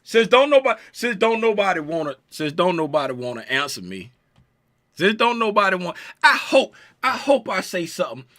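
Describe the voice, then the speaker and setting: A man's voice: high-pitched, big pitch swings, moderate pace, bright, forceful tone. A man teaching a live-streamed trading chart lesson, playful and teasing, repeating himself and talking to his chat viewers. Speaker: trading coach.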